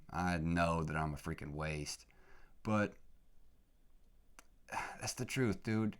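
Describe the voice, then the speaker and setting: A young man hosting a solo podcast, talking casually with lots of "dude" and "man", dropping to low mutters and then climbing to excited shouts. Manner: casual, swears lightly, says "dude" and "man". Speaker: podcast host.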